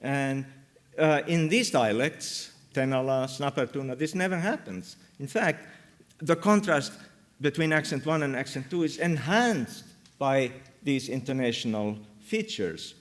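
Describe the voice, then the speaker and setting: A man giving an academic linguistics talk at a workshop, speaking with many ums and pauses. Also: mid-range voice, expressive. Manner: slow, many ums and uhs, pauses mid-phrase. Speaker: linguistics lecturer. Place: lecture hall.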